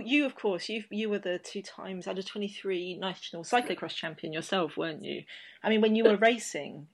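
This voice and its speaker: A woman hosting an interview, telling stories in a chatty, rambling way with lots of restarts. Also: medium pitch. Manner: chatty, rambling, animated storyteller with many restarts. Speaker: podcast host. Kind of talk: casual interview chat.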